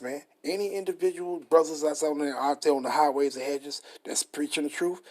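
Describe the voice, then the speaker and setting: Husky-voiced emphatic male preacher. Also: a little high, fairly even intonation, fairly quick, few pauses, a little mellow. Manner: emphatic, repetitive, reads definitions aloud. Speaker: street preacher. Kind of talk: scripture study sermon.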